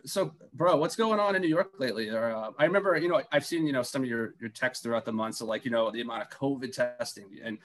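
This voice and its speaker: A man with a Boston accent co-hosts in a loose, joking way. His voice is mid-pitched and he agrees along easily, laughing as he goes. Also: a bit bright. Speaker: podcast co-host, comedian. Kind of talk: casual podcast chat.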